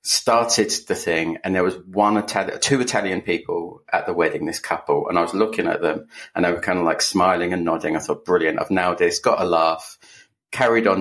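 A man's voice: low voice, fairly bright tone. A man co-hosting a podcast, chatting casually and telling stories with dry, self-mocking humor. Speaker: podcast co-host. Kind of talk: casual chat.

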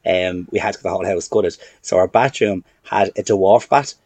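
A man, a podcast guest telling animated, laughing stories in casual chat. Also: sits low, normal speed, no room sound.

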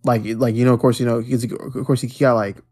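A man's voice: medium pitch, level tone, a little fast, mellow, slightly rough. A man co-hosting a casual podcast, laid-back, stammering at the start of thoughts and swearing casually. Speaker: podcast co-host. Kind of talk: casual movie review chat.

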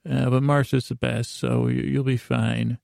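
A wisecracking ventriloquist dummy with attitude, chatty and breezy, in a story told aloud, as a man puts him on. The voice is gravelly and dark, with a fairly flat pitch. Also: unhurried, no echo, studio quality. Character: sassy wisecracking male ventriloquist dummy, upbeat.

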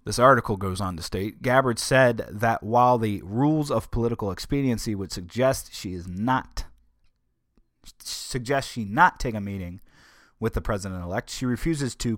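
Man, solo podcast host, casual rambling monologue, stumbles over words, mid pitch, dry close sound. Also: animated, moderate pace, a bit bright, no echo.

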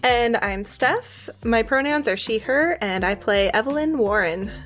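A woman's voice: fairly high pitch, lively intonation, measured pace, a bit bright, soft background music. A woman player in a tabletop game podcast, joking and explaining rules casually.

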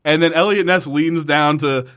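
A man hosting a podcast, casually recapping an episode, animated and swearing as he gets worked up. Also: on the high side, normal speed. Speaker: podcast host.

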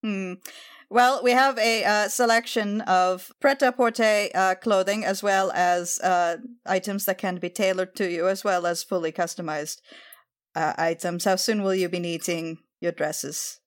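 A woman's voice: medium pitch, steady tone, unhurried, natural voice. A woman voicing a snooty dwarf dressmaker in a tabletop game, looking down on her customers. She drawls with a fussy, superior politeness and keeps calling them "darling.". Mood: businesslike. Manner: haughty and condescending, calls people darling.

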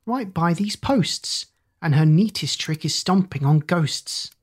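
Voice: mid-range voice, lively intonation, slow, slightly rough. A reader doing a chirpy little boy. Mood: cheeky. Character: cheeky young boy, unafraid.

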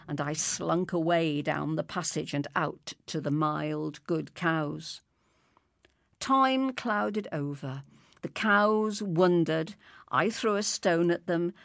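A woman narrating a story in a lyrical, expressive reading. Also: fairly low pitch, no room sound, studio quality.

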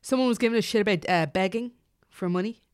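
A woman co-hosting a casual podcast chat, chiming in with quick, playful interjections. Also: medium pitch, smooth. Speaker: podcast co-host.

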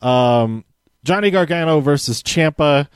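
A man's voice: fairly high pitch, expressive, unhurried, clean tone, no echo. A man casually reviewing a wrestling episode from handwritten notes, rambling with many fillers and restarts.

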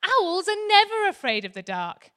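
A woman doing a firm, high-voiced mother owl. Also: very animated, moderate pace, a bit bright, exaggerated voice.

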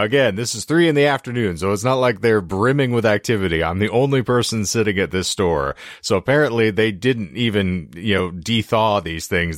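Hoarse man, very low voice, casual podcast co-host, rambling wry storyteller. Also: no room sound, clean studio sound. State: hoarse throat after illness.

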